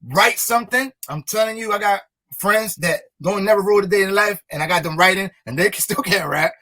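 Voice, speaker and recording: A man's voice: sits high, brisk, bright, forceful tone. A young man, a rapper, talking in a casual interview in an emphatic, repetitive, motivational way. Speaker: rapper and guest.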